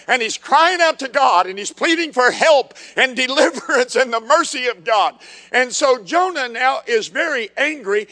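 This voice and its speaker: A male preacher delivers a fiery sermon and hammers his points home with repeated words. His voice is very high for a man, bright and forceful. A long hall reverb trails after each phrase. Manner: emphatic, repetitive, fiery preaching.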